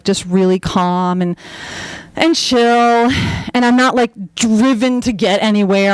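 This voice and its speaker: A young woman telling a personal story on stage in a chatty, animated way, full of fillers and acted-out quotes. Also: on the high side, dry recording, rough recording. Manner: acts out her own quoted lines.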